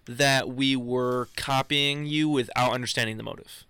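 A man co-hosting a comedy podcast, chiming in with quick deadpan one-liners. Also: mid-range voice, smooth, no echo. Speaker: podcast co-host. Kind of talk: casual comedy podcast banter.

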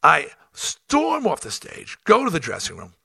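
A middle-aged man hosting his own show, telling a road story in a blunt, profane, animated way. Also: fairly high pitch, unhurried, gravelly, slightly rough, dry recording. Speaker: host. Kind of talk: storytelling monologue.

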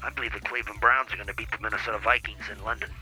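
A man's voice: fairly low pitch, fairly even intonation, very fast, bright, forceful tone, soft background music, low-quality recording. A man giving comedic football predictions with dramatic, hyped build-up. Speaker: sports picks caller.

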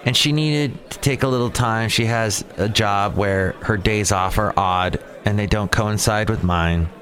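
A man's voice: fairly low pitch, measured pace, a bit bright. A man hosting his own daily podcast alone, playful and digressive, joking at his own expense. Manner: playful, digressive, self-mocking. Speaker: podcast host. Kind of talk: rambling solo podcast.

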